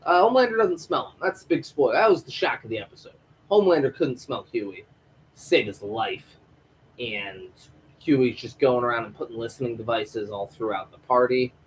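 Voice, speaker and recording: A man's voice: medium pitch, moderate pace, a little hiss or hum, poor audio. A man hosting a live stream review of a TV episode, ranting and rambling in a casual, profane way into a home microphone.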